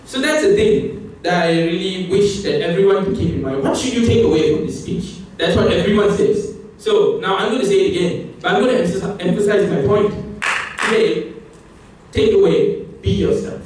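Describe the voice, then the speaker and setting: A young man with a high voice delivers a joking, emphatic contest speech, now and then breaking into excited high outbursts. He is caught from well back in a very echoey hall, with faint room ambience behind him. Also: normal speed, recorded from a distance, slight background noise. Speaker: public speaking contestant. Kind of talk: competition speech. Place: competition hall.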